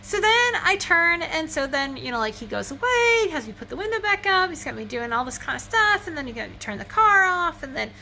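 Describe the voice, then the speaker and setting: High-pitched and bright, with a forceful tone and big pitch swings, this woman speaks briskly with few pauses. She's telling her phone a rambling story that pokes fun at herself, chatty and laughing, a bit wheezy, for a casual vlog. A fan runs in her home, humming faintly.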